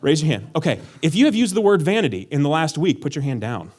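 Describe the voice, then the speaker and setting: A man's voice: on the high side, big pitch swings, fast, darkish tone. A man giving a casual sermon as pastor, joking and sarcastic, talking conversationally with many fillers. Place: church hall.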